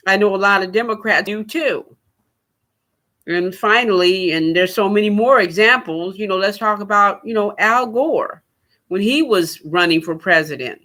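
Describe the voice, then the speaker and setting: Male podcast host, bright tone, sarcastic off-the-cuff commentary. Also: high voice, moderate pace. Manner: rambling, sarcastic, laughs at his own points. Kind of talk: solo political commentary.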